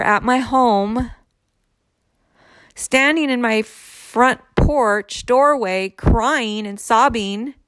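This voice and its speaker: A woman's voice: a little high, a bit bright, dry recording, studio quality. A woman in her thirties telling a personal story candidly, in a conversational way with frequent fillers.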